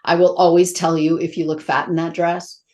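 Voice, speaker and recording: A middle-aged actress speaking as a guest in a casual interview, candid and emotional, telling stories with a lot of feeling. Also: female voice, fairly low pitch, moderate pace. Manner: candid, emotional, animated storytelling.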